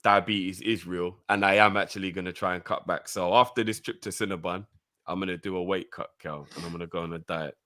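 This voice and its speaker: A man's voice: low-pitched, a little fast. A man co-hosting a live stream, joking around casually and reading out viewer comments. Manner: animated, jokey, streetwise slang.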